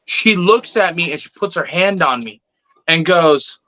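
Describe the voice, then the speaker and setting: A man with a high, sharp, bright voice tells a story casually and with lots of energy, swearing freely and acting out each exchange. The sound is dry and close, with a dull, lo-fi quality. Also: a little slow, no room sound. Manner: animated, swears freely, acts out quotes. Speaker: reptile keeper telling a story.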